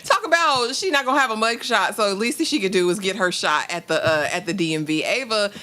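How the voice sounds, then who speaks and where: Playful co-host, bright woman's voice that swings up and down a lot. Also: mid-range voice, animated, fairly quick. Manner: laughing, playful, quotes characters. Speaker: TV review podcast co-host. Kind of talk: casual TV recap chat.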